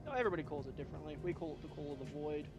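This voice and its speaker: A man's voice: fairly high pitch, expressive, rapid-fire, lo-fi sound, over music. An Australian man chatting casually with friends during a game, blunt and swearing constantly. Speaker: gamer in voice chat. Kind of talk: casual chat.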